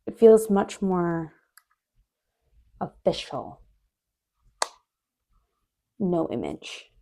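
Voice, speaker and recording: Sleepy young woman rambling at a camera, kinda gravelly, slips into whispers. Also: on the low side, sing-song, extremely slow. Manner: rambling, chatty, drifts in and out of soft whispers. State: sleepy, yawning. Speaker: video diarist. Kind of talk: casual diary chat.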